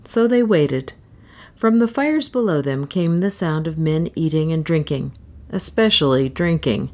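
Low-voiced woman reading a novel aloud. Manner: measured, steady storytelling. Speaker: audiobook narrator. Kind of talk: scripted narration.

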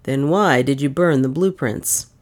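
A woman's voice: very deep voice, a little slow, a little mellow. A woman reading the part of a dogged, relentless male detective in clipped, insistent questions.

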